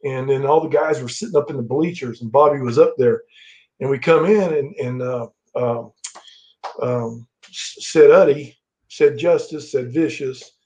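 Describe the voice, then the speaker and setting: A man's voice: medium pitch, measured pace, warm tone. A middle-aged man, a guest on the show, telling anecdotes in a loose, rambling way full of restarts. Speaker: guest, former wrestler. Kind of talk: casual storytelling. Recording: dull lo-fi sound.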